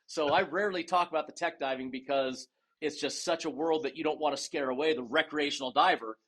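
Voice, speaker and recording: A man telling stories as a podcast guest in a casual, animated way, acting out dialogue and often restarting his sentences. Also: on the high side, brisk. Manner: animated storyteller who acts out dialogue, with frequent restarts. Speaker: guest, retired race car driver and dive master. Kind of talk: casual storytelling interview.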